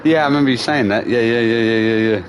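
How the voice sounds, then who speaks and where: A middle-aged man hosting a gaming livestream, chatting casually and swearing through animated stories full of slang. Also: medium pitch, quick pace. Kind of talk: casual chat.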